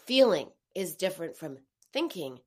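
A woman's voice: normal speed, slightly rough. A woman answering viewer questions in a live talk, explaining thoughtfully and restarting phrases as she searches for words. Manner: animated, acts out inner voices with big pitch jumps.

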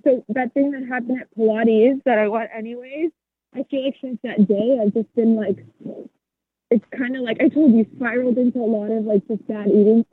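Young female caller, hesitant and rambling, slightly high and husky, on a thin phone line. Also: no echo. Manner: rambling, hesitant, many fillers. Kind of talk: casual phone chat.

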